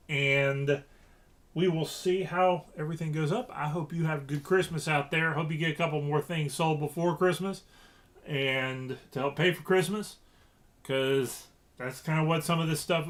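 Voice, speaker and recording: A man from Louisiana chatting casually to camera about reselling, rambling with many fillers and restarts. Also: fairly high pitch. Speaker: reseller vlogger.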